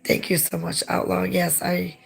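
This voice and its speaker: Hoarse, wheezy woman host, low and flat; gravelly fry throughout. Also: moderate pace. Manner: gravelly and tired. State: hoarse, losing her voice, out of breath. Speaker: livestream host reading chat. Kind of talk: casual livestream chat.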